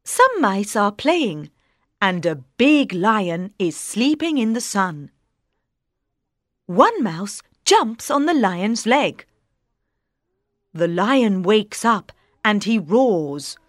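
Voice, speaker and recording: Slow, lively woman reading a children's story. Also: medium pitch, dry recording, studio quality.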